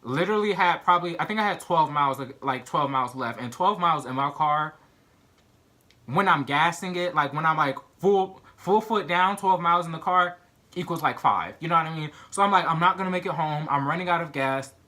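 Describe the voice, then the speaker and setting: Young male vlogger, bright tone, animated and filler-heavy storyteller. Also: a little high, a little fast. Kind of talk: storytime vlog.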